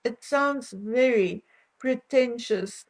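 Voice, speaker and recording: A woman's voice: on the high side, takes it slowly, poor audio. An older South African woman chatting casually to her viewers, opinionated and chatty, often laughing between remarks. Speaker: vlogger.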